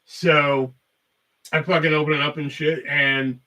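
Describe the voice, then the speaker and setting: A man's voice: on the high side, little pitch movement, a little slow, sharp tone, far from the mic, rough recording. A man hosting a podcast, telling a rambling story in casual talk full of swearing. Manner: rambling, heavy cursing. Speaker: podcast host.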